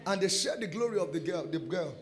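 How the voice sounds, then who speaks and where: High-voiced Nigerian pastor telling stories. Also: male voice, fast talker, music in the background. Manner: animated storyteller acting out dialogue; mixes in pidgin phrases. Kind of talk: sermon testimony.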